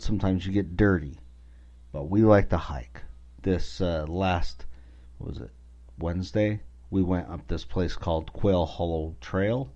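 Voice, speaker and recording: A man with a very low, dark voice talks through a casual podcast monologue. He is blunt and swears freely, sounding exasperated. The recording is dull and lo-fi. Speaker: podcast host.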